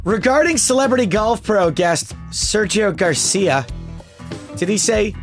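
A male podcast co-host in casual chat, joking and animated, tossing off mocking asides. His voice sits a little high, with faint music running behind him. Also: normal speed, vocal fry.

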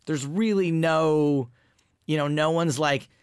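A man's voice: fairly high pitch, slow pace, smooth, dry recording, studio quality. An American man co-hosting a casual podcast, telling crude, self-mocking anecdotes with lots of animation. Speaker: podcast co-host.

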